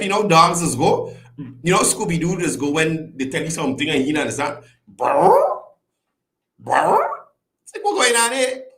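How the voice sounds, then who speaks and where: Lively chatty male talk show host. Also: a little high, echoey room. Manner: chatty, greets viewers by name, lively rising and falling delivery. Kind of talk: casual call-in style commentary show.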